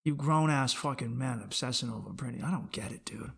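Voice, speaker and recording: A young adult man hosting a podcast, rambling and swearing freely as he rants, bursting into loud animated outbursts. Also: mid-range voice, brisk, creaky, husky. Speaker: podcast host. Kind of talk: casual solo podcast rant.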